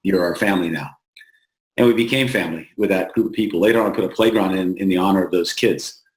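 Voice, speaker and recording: A man from the United States, an interview guest, telling stories plainly and earnestly with halting restarts, slowing down to stress points. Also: low-pitched. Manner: plain-spoken, halting restarts, slows for emphasis. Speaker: founder of an aid group, interview guest. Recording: roomy echo.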